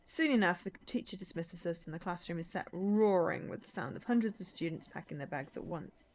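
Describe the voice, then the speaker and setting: A woman's voice: fairly low pitch, fairly quick, slight background noise. A woman streaming a visual novel, reading the story aloud and breaking in with chatty asides. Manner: lively, chatty asides between read lines.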